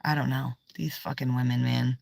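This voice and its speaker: A woman's voice: very deep voice, little pitch movement, moderate pace, vocal fry, darkish tone, no echo. A woman chatting casually on a tarot livestream, swearing freely, trailing off and now and then dropping to a whisper. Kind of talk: casual live-stream chat.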